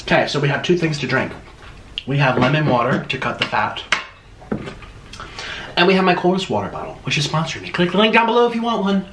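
A man's voice: fairly high pitch, sing-song, fast, long pauses, reverberant, noisy background. A man hosting a casual eating vlog in a playful, theatrical, sing-song manner. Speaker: mukbang host.

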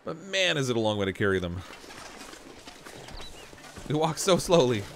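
A man's voice: mid-range voice, sing-song, normal speed, a little hiss or hum. Chatty Canadian man laughing with chat. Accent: Southern Ontario Canadian. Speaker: gaming streamer. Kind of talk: casual gameplay commentary with live chat.

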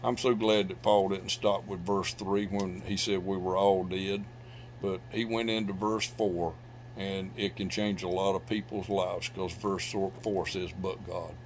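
Middle-aged pastor, low-pitched, preaching with loud swells and hushed drops, faint hum under it. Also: male voice, level tone, a little slow. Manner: preaching with loud bursts of emphasis and sudden drops to quiet. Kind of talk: sermon. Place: church sanctuary.

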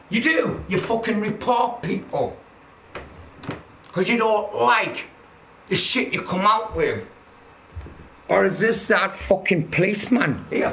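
A livestreamer with a high, bright, forceful voice and noticeable vocal fry launches into an angry rant, profanely mocking and heckling his audience. The room echoes, and faint noise sits in the background.

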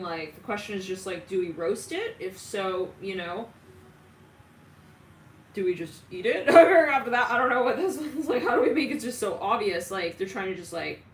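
A woman giving a casual tarot reading, animated, laughing often and swearing. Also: fairly low pitch. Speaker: tarot reader. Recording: roomy, distant from mic, faint ambient noise.

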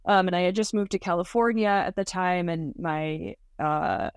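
A woman's voice: fairly low pitch, moderate pace, clear, resonant tone, dry recording. A woman in her thirties, a podcast guest, telling her story in casual talk, full of "like" and "um", with frequent small laughs. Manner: chatty, many fillers like "like" and "um", laughs often.

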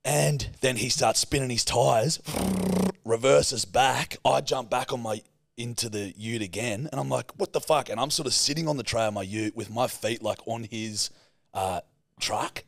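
Gravelly Australian man telling a road story. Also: medium pitch, moderate pace, no room sound, studio quality. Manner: swears a lot, gets loud and animated retelling a story. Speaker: podcast co-host. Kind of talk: casual chat, storytelling.

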